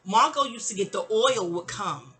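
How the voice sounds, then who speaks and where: A woman's voice: mid-range voice, expressive, normal speed, pushed and bright. A middle-aged woman telling a long personal story in a casual, rambling way, often digressing. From New York.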